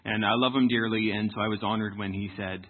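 A man with a fairly low voice steps up as a guest preacher. He opens his sermon in a friendly, casual way. The recording is thin and phone-like. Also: fairly even intonation, fast talker. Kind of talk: sermon opening. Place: church. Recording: tinny church recording.

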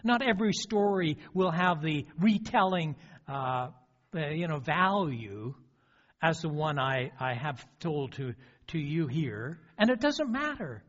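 A man's voice: a little high, big pitch swings, measured pace, fairly bright tone. Older male pastor telling a story. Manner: storytelling with frequent restarts and fillers. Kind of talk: sermon. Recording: dull lo-fi recording.

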